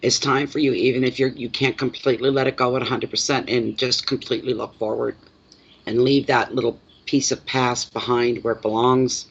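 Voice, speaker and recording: A man's voice: medium pitch, level tone, fairly quick, gravelly, husky, muffled recording. Chatty Canadian man reading tarot. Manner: chatty, answers live chat comments between cards; plainspoken, repeats words for emphasis. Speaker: tarot reader. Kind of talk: live-streamed tarot reading.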